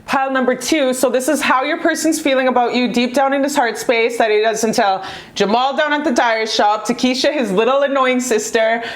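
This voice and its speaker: A woman's voice: high voice, a little fast. A woman reading tarot in casual chat, effusive and affectionate, swearing freely as she talks to viewers. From Canada. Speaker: tarot reader.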